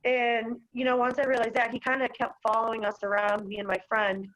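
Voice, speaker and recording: A young woman from Massachusetts speaks over a video call, her voice a bit high. She rambles through her account, packing it with "like" and "you know". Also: flat delivery, a little fast, a bit bright, low-quality recording. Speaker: dog owner at a hearing. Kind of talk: recounting an incident on a video call.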